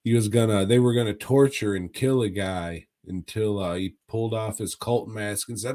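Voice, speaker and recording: A man's voice: fairly low pitch, moderate pace, hardly any pauses, dark tone. A man co-hosting a podcast, chatting casually and profanely about movies in a laid-back, rambling way. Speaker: podcast co-host. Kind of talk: casual movie review chat.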